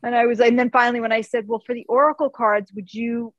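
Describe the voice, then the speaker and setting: A woman author as a podcast guest, telling family stories in an animated way and acting out what people said. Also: a little high, quick pace, hardly any pauses, dry recording, highs cut off. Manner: animated storyteller who acts out quotes. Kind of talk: casual interview chat.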